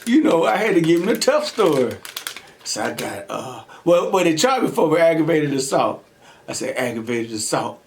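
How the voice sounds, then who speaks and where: Brief: young male mukbang host, animated storyteller with quick laughs, a touch high-pitched. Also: gravelly, a little hiss or hum. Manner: animated, laughs often, acts out quotes. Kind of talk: casual storytelling while eating.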